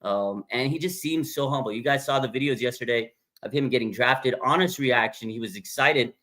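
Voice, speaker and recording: A man hosting a casual sports livestream, rambling excitedly and reading viewer comments aloud. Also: medium pitch, brisk. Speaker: sports podcast host.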